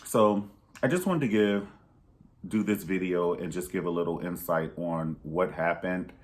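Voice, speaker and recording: A man talking straight to camera in a candid vlog, giving emphatic, preachy advice and jumping up in pitch to stress his points. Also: unhurried. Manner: pitch jumps high for emphasis. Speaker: vlogger. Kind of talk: candid personal vlog monologue.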